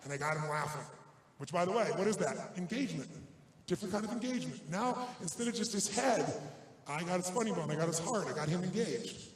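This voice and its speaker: A man's voice: high voice, lively intonation, a little fast. A man giving a motivational seminar talk to a live audience, telling stories in an intense, emphatic way with punchy repetition. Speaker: motivational speaker. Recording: roomy hall with faint noise.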